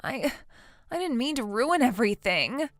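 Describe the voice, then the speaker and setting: A woman voicing a defensive, self-pitying young wife in a text story, in a somewhat high voice. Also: sing-song, normal speed, a bit bright. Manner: whiny, defensive.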